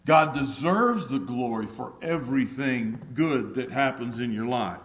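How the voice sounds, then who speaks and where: A man's voice: mid-range voice, expressive, moderate pace, hardly any pauses, a bit bright. A man preaching an earnest sermon, repeating key phrases and acting out the prophet's words with rising emphasis. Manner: repeats phrases, with stumbling restarts. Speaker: pastor.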